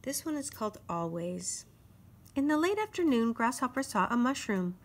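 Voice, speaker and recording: A woman reading a children's storybook aloud in an expressive, sing-song way. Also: fairly high pitch, moderate pace. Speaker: storybook reader.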